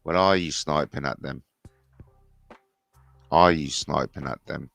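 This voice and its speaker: A man's voice: very deep voice, slow, vocal fry, fairly bright tone, no room sound, faint music behind. A man hosting a casual livestream, chatting in blunt banter with some swearing, reading out viewers' comments and answering them. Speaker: livestream host.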